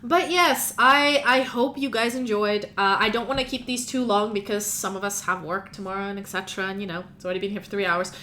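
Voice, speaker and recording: A woman's voice: mid-range voice, steady tone, fairly quick, few pauses, sharp tone, a little hiss or hum. A woman narrating and running a tabletop role-playing game in a casual, rambling way, with many fillers. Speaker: game master.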